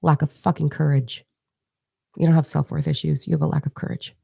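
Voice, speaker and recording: Woman, adult, spiritual coach, live-stream host; gravelly, dark-toned voice; blunt, swears a lot, calls people out. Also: low-pitched, steady tone, fairly quick. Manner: blunt, heavy swearing, emphatic calls to action. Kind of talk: intense motivational talk to viewers.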